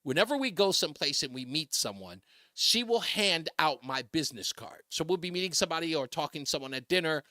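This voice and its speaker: Animated, bright-voiced male radio host. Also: on the high side, brisk, no echo, clean studio sound. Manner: animated storyteller, quotes people in raised voices, laughs often. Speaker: radio talk show host. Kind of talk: casual storytelling on talk radio.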